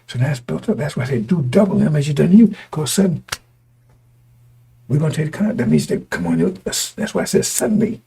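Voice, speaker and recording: A male preacher with a gravelly, raspy voice that is wearing hoarse. He talks in stop-start, repeating bursts and keeps throwing rhetorical questions at his congregation. His tone sits dark and mellow, on the high side for a man. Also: expressive, fairly quick. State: voice going hoarse. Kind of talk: street-style sermon to a congregation.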